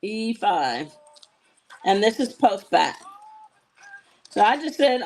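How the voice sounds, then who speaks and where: A woman hosts a live jewelry-selling stream, chatting casually between items, telling sassy stories and making asides to her viewers. Her medium-pitched voice is sing-song and darkish, slow with long pauses. The recording quality is low.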